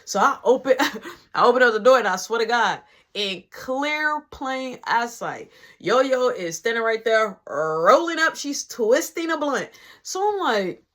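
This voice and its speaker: A young woman telling a story from her own life in a casual, animated and slangy way, often laughing. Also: on the high side, a little slow.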